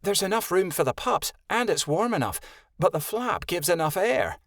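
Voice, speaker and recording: A man's voice: high-pitched, sing-song, normal speed, a bit bright, no echo, studio quality, voice pushed up, heavily acted. A man voicing an earnest, anxious young female wolf who leads her friends, talking urgently. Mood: gentle.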